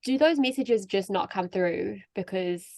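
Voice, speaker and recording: An Australian woman co-hosting a podcast, eager and often laughing, asking halting questions. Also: medium pitch, creaky, a little mellow, no echo, studio quality. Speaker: podcast co-host. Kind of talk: casual podcast chat.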